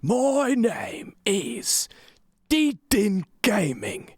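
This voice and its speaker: A man voicing a pompous, prim English gentleman with a put-on posh British accent. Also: sits high, big pitch swings, very slow, no room sound, clean studio sound, voice pushed up, heavily acted. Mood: mock-posh.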